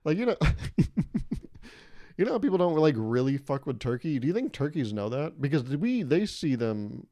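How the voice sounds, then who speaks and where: Mellow-voiced man hosting a rambling podcast. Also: a little high, very animated, moderate pace, no echo, studio quality. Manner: rambling, profane, self-mocking, argues with himself. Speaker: podcast host. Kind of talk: solo comedic podcast monologue.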